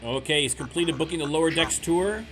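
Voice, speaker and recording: A man's voice: on the high side, brisk, over music. A Canadian man with a Canadian accent, casually chatting and joking to viewers while streaming a game. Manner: chatty, joking asides, talks to chat. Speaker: gaming streamer. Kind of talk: casual let's-play commentary.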